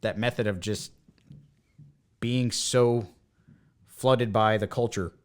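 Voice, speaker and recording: A man's voice: lowish voice, slow pace. A man from the United States in casual podcast chat, telling stories animatedly and acting out the voices of the people in them. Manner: animated storyteller, acts out quoted voices. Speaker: podcast co-host.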